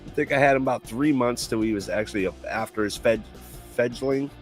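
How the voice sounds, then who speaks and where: A man's voice: medium pitch, brisk. Guy chatting on a stream, keeps laughing thru his stories, faint music in the back. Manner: laughs often, tells long animal stories. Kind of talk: casual chat.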